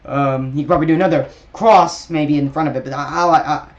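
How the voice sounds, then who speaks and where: A man's voice: a little high, fairly even intonation, fairly quick, dull audio. A young man casually breaking down a movie trailer for his video channel, rambling with lots of fillers and restarts. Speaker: YouTube trailer reviewer.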